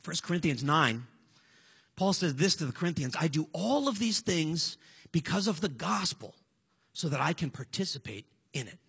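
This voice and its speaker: A man in his forties delivers a sermon in an easy, conversational manner, earnest when he presses a point. His voice sits high and moves a lot. It is gravelly and husky, with a bright, forceful edge. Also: big pitch swings, normal speed. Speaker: pastor.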